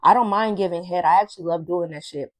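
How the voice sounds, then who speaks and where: Young female vlogger, casual storytime, sassy and profane delivery, lowish pitch. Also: fast.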